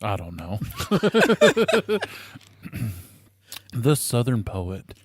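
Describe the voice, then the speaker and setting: A man's voice: mid-range voice, huge pitch swings, drawn-out words. A man co-hosting a podcast, chatting casually and reading aloud in a dry, mock-serious way, giggling between lines. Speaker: podcast co-host.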